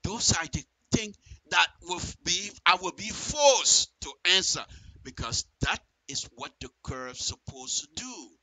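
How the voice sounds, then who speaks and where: A man's voice: sits high, lively intonation, a little slow, sharp tone, no echo, low-quality recording. A man doing live radio commentary, emphatic and repeating phrases as he reads and reacts to a statement.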